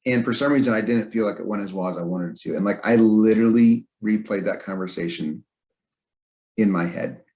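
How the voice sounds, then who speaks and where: Low-voiced man musing reflectively. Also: brisk, darkish tone. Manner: reflective, hesitant, many fillers. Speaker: podcast host. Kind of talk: casual chat.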